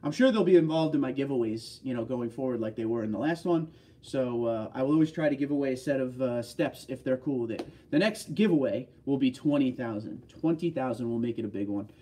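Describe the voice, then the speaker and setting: A man's voice: medium pitch, brisk, warm tone. Chatty male livestream host, distant mic. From northeastern United States. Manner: chatty, reads viewer comments aloud and answers them. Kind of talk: casual livestream chat.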